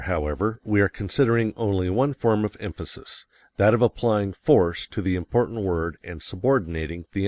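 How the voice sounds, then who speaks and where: Man, audiobook narration, deep voice, measured delivery, dry sound. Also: dry recording.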